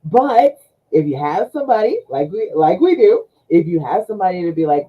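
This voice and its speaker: A woman's voice: on the low side, expressive, brisk, slightly rough. A woman relationship coach talking to viewers on a live stream, chatty and coaxing, checking in with "okay?" often. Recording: dull lo-fi live-stream audio.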